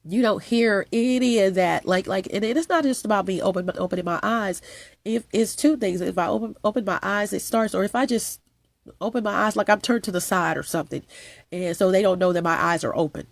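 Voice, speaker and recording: Woman vlogger, stuffy nose, gravelly rambling monologue, dry close sound, emphatic and repetitive. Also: mid-range voice, brisk, dry recording. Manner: repetitive, emphatic, with frequent restarts. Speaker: channel host.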